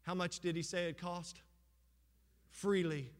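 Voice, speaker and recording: A man's voice: high voice, fairly even intonation, measured pace. A man preaching a sermon with impassioned, rising and falling intensity, addressing a church and an online audience. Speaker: pastor. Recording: long hall reverb.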